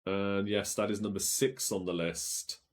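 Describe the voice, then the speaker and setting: A man's voice: lowish voice, steady tone, measured pace, soft background music. A man hosting a live-streamed quiz, chatting as he reads out viewers' guesses and checks them aloud. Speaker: quiz show host.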